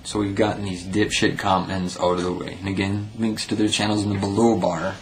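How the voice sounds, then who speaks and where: A man's voice: low voice, flat delivery, brisk, slight background noise, rough recording. A young man from the United States reading out viewer comments in a blunt, profane commentary vlog, often stumbling and restarting.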